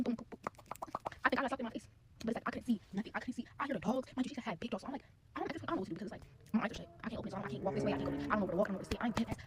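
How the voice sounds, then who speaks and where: A young woman rattles off a story-time at a very rapid pace. She rambles and uses a lot of slang. There is a clear hiss of noise behind her. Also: mid-range voice. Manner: rambling, slangy, breathless retelling. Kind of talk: casual story-time monologue.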